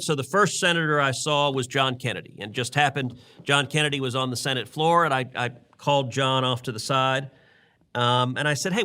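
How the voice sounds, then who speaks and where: A man's voice: medium pitch, bright, forceful tone, clear, resonant tone. A middle-aged man and podcast host recounting events in earnest conversational storytelling, often repeating words as he restarts.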